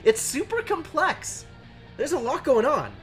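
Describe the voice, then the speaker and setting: A woman streamer giving chatty, excitable, self-mocking commentary on a game. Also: high-pitched, a little slow. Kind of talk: let's play commentary. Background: game music.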